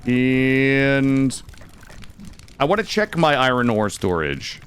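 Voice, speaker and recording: The American streamer, still sick with a cold, rambles to viewers during his game and keeps restarting his thoughts. He speaks slowly in a medium, slightly bright voice with big pitch swings, and there's a little hiss or hum in the audio.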